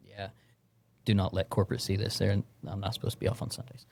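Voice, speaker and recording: A man's voice: lowish voice, level tone, fast talker, vocal fry, a little hiss or hum. A man who is a guest on a podcast, chatting casually about work and saying "dude" and "like" a lot. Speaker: podcast guest, former boss. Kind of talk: casual chat.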